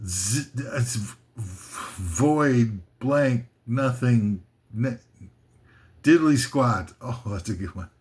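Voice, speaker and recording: A man's voice: medium pitch, animated, very slow, a little mellow. A man hosting a comic list video, rambling and self-mocking as he drifts off topic.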